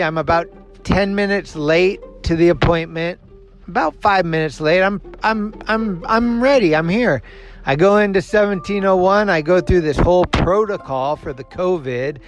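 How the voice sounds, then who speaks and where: A fairly high-voiced man hosts his own show and tells a rambling personal story in a casual monologue. He acts out everyone else's lines, swears freely and laughs at himself. Faint music plays behind him. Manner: animated, acts out the other people's lines. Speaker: show host.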